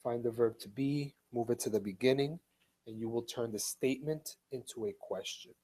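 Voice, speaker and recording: A man of middle pitch teaches an online English class. He speaks slowly and patiently, going over each rule more than once. He reads example sentences aloud with careful stress. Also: mellow, slightly rough. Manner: slow, patient, repeats each point. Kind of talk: live online ESL lesson.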